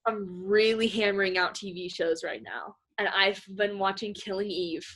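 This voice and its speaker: A woman's voice: medium pitch, moderate pace. Young woman guest gushing away on a podcast, lots of likes. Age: young adult. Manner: gushing, excitable, fillers like "like". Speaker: guest swimmer. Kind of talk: casual podcast interview.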